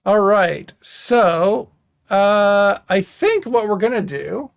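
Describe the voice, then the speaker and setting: A man hosting a stream, chatting casually and halting often with fillers as he wraps up. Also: high-pitched, expressive, vocal fry, no echo, studio quality. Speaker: streamer host. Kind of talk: casual stream sign-off chat.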